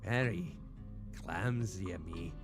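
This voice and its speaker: A man's voice: deep voice, takes it slowly, creaky, faint music behind, pitched below the performer's own voice, full character voice. A man voicing a creepy, grinning male butcher innkeeper with a lisp, sly and overly cheerful, drawing out his words.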